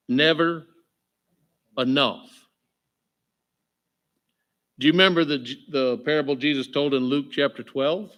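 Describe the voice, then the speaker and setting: A man preaching in church, mixing light jokes with scripture he reads out slowly and with weight. His voice sits at an ordinary middle pitch. He keeps checking in with his listeners, asking "right?" as he goes. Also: a bit bright. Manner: reads scripture aloud with slow emphasis. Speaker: pastor. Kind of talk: sermon.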